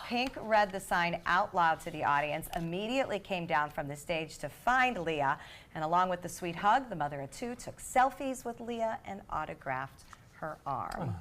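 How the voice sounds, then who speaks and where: A woman's voice: mid-range voice, animated, normal speed, fairly bright tone. A middle-aged woman co-hosting a daytime talk show, chatting casually and laughing often. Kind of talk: casual studio chat.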